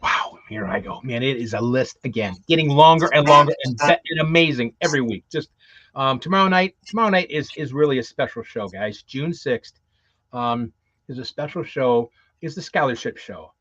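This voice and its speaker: A man's voice: mid-range voice, fairly bright tone, no echo. Guy rambling thru a show preview, lots of ums, dry muffled lo-fi audio. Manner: rambling, many fillers and restarts. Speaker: co-host. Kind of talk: casual show chat, previewing guests. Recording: dull lo-fi, dry.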